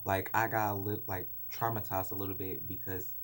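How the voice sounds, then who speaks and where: A man's voice: low voice, level tone, moderate pace. A man telling a personal story to his phone camera in a casual, rambling way, full of "like" fillers and acting out the voices of the people in it. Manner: rambling, lots of "like" fillers, acts out voices in stories. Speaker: vlogger.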